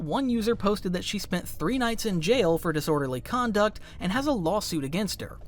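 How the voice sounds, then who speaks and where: A man reading a scripted documentary narration in a dramatic, emphatic way. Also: high-pitched. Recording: faint music underneath.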